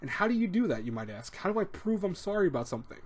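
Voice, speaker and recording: A man's voice: high voice, very animated, racing, slightly rough. A man hosting an advice talk, speaking casually and rambling, with restarts and little acted-out quotes. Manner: rambling, repeats words, acts out quoted speech. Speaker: advice show host.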